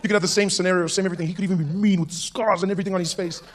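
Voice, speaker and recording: A man performing a stand-up comedy routine, talking in an animated way and switching in and out of character voices. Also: high voice, very fast.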